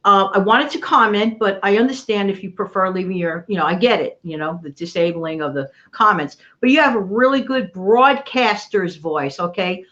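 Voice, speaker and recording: A woman's voice: medium pitch, moderate pace, few pauses, fairly bright tone. A woman hosting her own live channel, reading a recipe and chatting with viewers, greeting them by name and often repeating herself. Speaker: channel host. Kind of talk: casual livestream chat and recipe reading. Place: home, New York area. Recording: dull lo-fi livestream audio.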